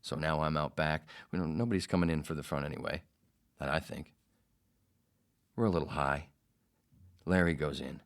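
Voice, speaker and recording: A man's voice: a bass voice, steady tone, moderate pace, long pauses. A man hosting a podcast, telling a rambling, profane story in a casual way. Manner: rambling, profane, self-interrupting. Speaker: podcast host.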